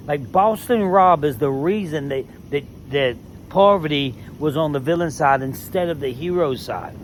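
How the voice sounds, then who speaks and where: A man with a somewhat high voice, talking in a casual, heated rant. He is emphatic and swears freely. A faint noise hums behind him. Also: moderate pace, few pauses. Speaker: former reality show contestant.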